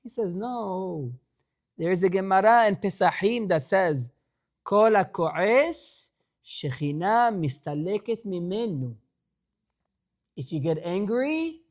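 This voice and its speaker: A man, a rabbi, giving a passionate Torah class in English with Hebrew phrases, pleading and exhorting. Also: high voice. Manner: impassioned, pleading, rising to exhortation.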